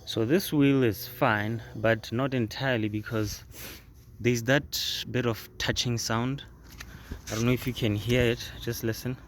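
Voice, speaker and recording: Male DIY car vlogger, mid pitch, slow halting delivery, working outdoors, faint ambience. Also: steady tone, a little hiss or hum. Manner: slow, halting, repeats words while explaining. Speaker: car repair video host. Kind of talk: casual how-to demonstration.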